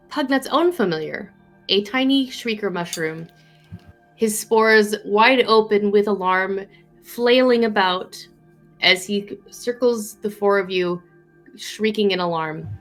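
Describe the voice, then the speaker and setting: A woman runs a tabletop game, narrating at an unhurried pace. Her pitch is middling and she pauses on little fillers. Faint music sits underneath. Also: a bit bright. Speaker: game master.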